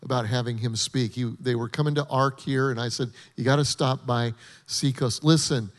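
A man, the host pastor, introducing a guest speaker in a halting way with many fillers. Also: mid-range voice, steady tone. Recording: long hall reverb.

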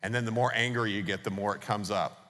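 A man's voice: lowish voice, steady tone, fast, fairly bright tone. A man preaching a sermon as pastor, emphatic and putting rhetorical questions to the congregation. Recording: long reverb of a large hall.

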